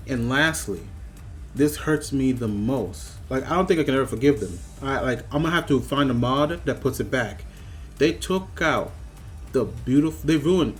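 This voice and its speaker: A man reviewing a video game in a scripted voice-over, breaking into animated, mock-outraged rants with repeated questions. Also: medium pitch, normal speed, faint music behind.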